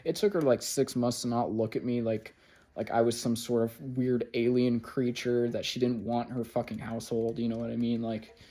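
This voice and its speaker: A vlogger tells a personal story in a casual, rambling monologue, swearing often and filling gaps with "like" and "you know." His medium-pitched voice is mellow, with flat delivery and a moderate pace.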